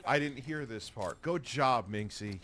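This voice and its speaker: A man's voice: medium pitch, lively intonation, measured pace. A man streaming a profane reaction, mocking and sarcastic, swearing freely. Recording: noisy stream capture.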